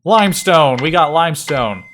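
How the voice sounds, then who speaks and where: A man putting on a hammy showman voice, announcing in an exaggerated, drawn-out way. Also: a little high, lively intonation, fairly bright tone, slight background noise.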